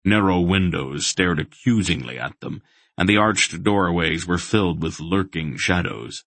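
Low husky guy reading a fantasy audiobook, slow and steady, gravelly. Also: no room sound. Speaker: audiobook narrator. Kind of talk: scripted narration.

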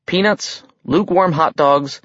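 A man's voice: fairly high pitch, a little slow, fairly bright tone, no echo. A man reading an audiobook aloud in a wry storytelling manner. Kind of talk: audiobook narration. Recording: dry, dull audiobook recording.

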